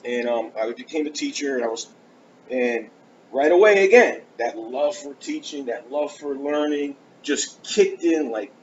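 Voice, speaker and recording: In a dull, lo-fi church recording with faint hiss, a man of medium pitch preaches at a measured pace. He is giving his testimony as a storytelling sermon, earnest and animated, acting out the conversations in his own story.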